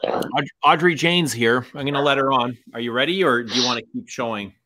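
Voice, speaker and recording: A man hosting a casual livestream chat over a video call, lively and teasing, with short questions and remarks. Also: mid-range voice, fairly quick, slight background noise. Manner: lively, teasing, brief interjections. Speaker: livestream host.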